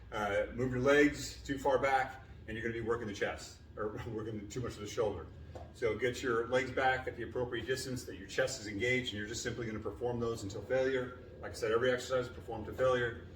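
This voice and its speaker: A man's voice: mid-range voice, distant mic, a little hiss or hum. A man coaching a push-up workout in a plain, casual way with many fillers, a little winded from exercising. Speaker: fitness trainer. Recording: echoey room, voice from afar.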